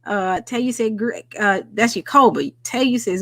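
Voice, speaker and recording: A woman with a Southern US accent hosting a casual livestream, excitable and chatty though tired after a workday. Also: medium pitch, measured pace, few pauses, no echo. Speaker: livestream host. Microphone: home microphone.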